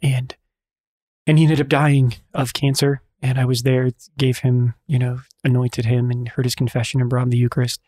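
A male priest recounts a story in a relaxed conversation. He speaks earnestly at a middle pitch, stopping and restarting often as he searches for words. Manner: earnest, halting, many restarts. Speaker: priest and friar.

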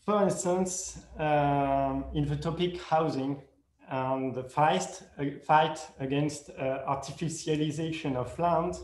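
Guy presenting at a conference, slow halting english, lots of uh and um, kinda high voice, echoey room. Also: a little mellow. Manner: hesitant, many pauses and fillers, self-correcting; speaks English as a second language. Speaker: conference speaker.

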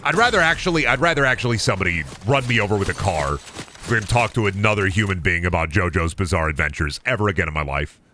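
A man's voice: low-pitched, lively intonation, fast talker, pushed and bright, slight background noise. A man streaming a game, ranting cynically and with plenty of swearing in a casual chat. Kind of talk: casual chat while gaming.

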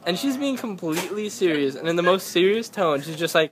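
A man's voice: sits high, animated, a little fast. Chatty young man vlogging. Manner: chatty, laughs easily. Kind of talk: casual vlog chat.

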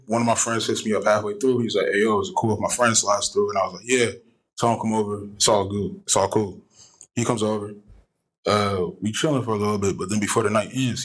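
A man's voice: on the low side, slightly rough, rough recording. A man calling in with a question for a podcast, telling a story in a laid-back way. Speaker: caller. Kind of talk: recorded voice message.

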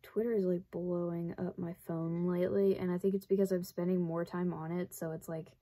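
A woman's voice: fairly low pitch, little pitch movement, a little fast, few pauses, mellow. A young woman from the southern United States with a light Southern accent, rambling in a casual vlog while she sews, full of "like" and wry self-deprecating asides. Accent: light Southern American. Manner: rambling, chatty, says "like" often. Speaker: vlogger. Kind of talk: casual chat while sewing.

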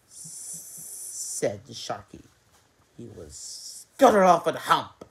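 A woman improvising a children's story with stuffed animals, hesitant, with fillers and slips, and a very lively pitch. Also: slow, slightly rough.

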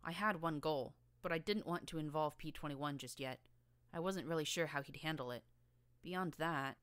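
A woman's voice: sits low, a little fast, fairly bright tone, clean tone, no room sound. A woman narrating a first-person story in a dry, wry storytelling manner. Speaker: audiobook narrator.

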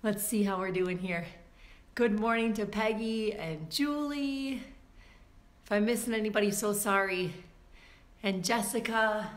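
A woman fitness instructor chatting with viewers before a live online workout class, upbeat and greeting people by name, her voice a little hoarse from the morning. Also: mid-range voice, unhurried, reverberant. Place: room at home.

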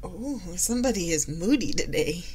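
A woman's voice: lowish voice, lively intonation, moderate pace, a crowd in the background. A woman co-hosting a casual podcast over a video call, teasing her partner, giggling and adding dry asides. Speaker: podcast co-host. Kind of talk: casual chat. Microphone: video call with microphone.

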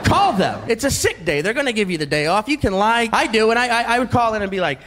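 A man's voice: high-pitched, animated, quick pace, hardly any pauses, background noise. A man doing a comic radio monologue, goofing around and laughing at his own bits. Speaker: radio show co-host.

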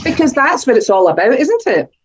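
High-voiced encouraging woman teacher. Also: sing-song, brisk, lo-fi sound, slight background noise. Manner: encouraging, questioning pupils by name. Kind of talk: online creative writing lesson for children.

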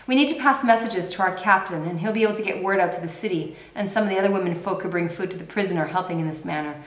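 Brief: woman reading as a small limping soldier sergeant, courteous and earnest, lowish voice, roomy sound. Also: very fast, lightly acted. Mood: urgent, pleading. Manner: polite, low, earnest pleading. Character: short, limping, courteous male army sergeant. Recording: roomy echo.

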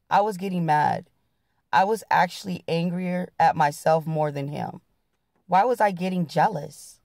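A woman's voice: lowish voice, unhurried, a little mellow, no echo, clean studio sound. A woman reading a memoir aloud in a plain-spoken, blunt way.

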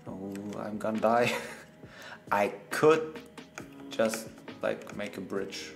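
A man's voice: on the low side, steady tone, slow pace, gravelly, soft background music. A man, a gaming streamer chatting playfully through live gameplay, laughing often and talking to the animals in the game.

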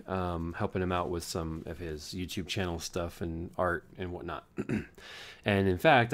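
A young man speaks in a very low voice, talking loosely through a daily vlog from home. He sounds worn out and low on energy. He rambles and jokes at his own expense. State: tired. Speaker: vlogger.

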